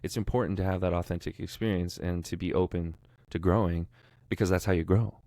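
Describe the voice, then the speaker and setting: A man's voice: low-pitched, no echo. A man co-hosting a casual podcast about voice acting, talking eagerly and nerdily about his audiobook work. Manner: enthusiastic, nerdy, talks fast when excited. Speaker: podcast co-host, audiobook narrator.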